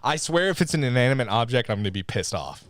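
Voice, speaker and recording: A man co-hosting a live podcast in casual chat, joking and animated, swearing freely. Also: medium pitch, fast, no echo, clean studio sound. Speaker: podcast co-host.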